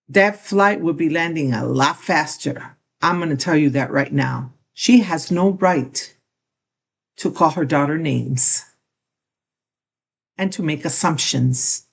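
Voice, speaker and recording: A woman's voice: deep voice, slow, gravelly, long pauses, husky. An older woman reacting to a clip, commenting in an indignant, critical way. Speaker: reaction video host. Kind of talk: casual commentary.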